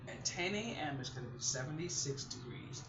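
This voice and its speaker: A woman's voice: deep voice, a little fast, noisy background. Woman vlogger, middle-aged, chatty and rambling, recorded in an echoey room with dull sound. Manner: chatty, rambling, animated storytelling. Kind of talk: casual chat to viewers. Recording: roomy and slightly muffled.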